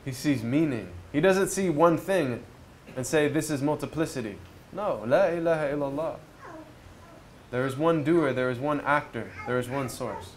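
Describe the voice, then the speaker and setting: A man with a slightly higher voice gives a reflective spiritual talk outdoors near a river. He tells stories in a relaxed, conversational way and keeps asking his audience rhetorical questions. Faint ambient noise sits behind him. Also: moderate pace. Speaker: speaker at a retreat.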